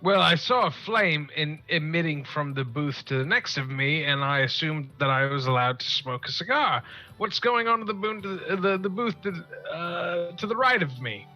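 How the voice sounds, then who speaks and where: Guy playing d&d, bright-ish voice, stumbles and restarts, dull audio w/ music. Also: a little high, expressive, normal speed. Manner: hesitant, restarting questions. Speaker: player. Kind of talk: tabletop game play. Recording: muffled stream audio with music.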